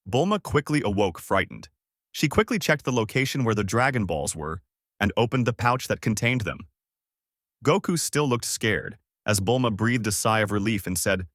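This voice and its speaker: A man reads a fan-made adventure story aloud with a low voice. His reading is animated, with lively swings in pitch. The recording is dry and close. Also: moderate pace, no room sound.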